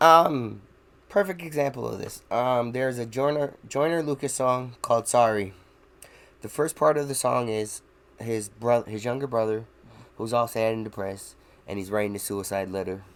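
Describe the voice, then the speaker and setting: A man's voice: medium pitch, normal speed, fairly bright tone. A man co-hosting a casual podcast chat, rambling, swearing freely and laughing often. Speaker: podcast co-host.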